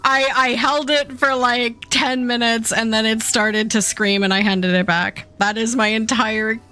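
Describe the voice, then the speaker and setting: A woman's voice: a little high, a little slow, smooth. A woman in her forties hosting a game stream, chatting casually with friends and giggling often. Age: 40s. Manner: giggly, lively banter. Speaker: streamer host. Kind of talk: casual gaming chat.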